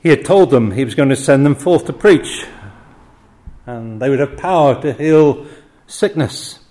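A man's voice: medium pitch, lively intonation, unhurried, darkish tone. An older man preaching an expository sermon, often chuckling between points and voicing the quoted cries with drama.

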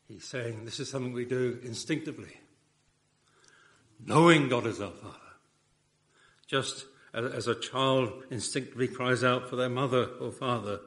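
A man's voice: lowish voice, a bit bright. A man preaching a sermon in an earnest, emphatic way, often repeating phrases for weight.

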